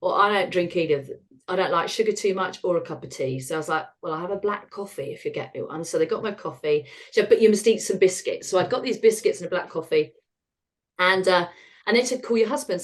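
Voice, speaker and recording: A woman's voice: on the low side, fast talker. A middle-aged British woman, a retired osteopath, telling her own story frankly and wryly in an interview, acting out bits of dialogue. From United Kingdom. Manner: frank, wry, acts out dialogue in quotes.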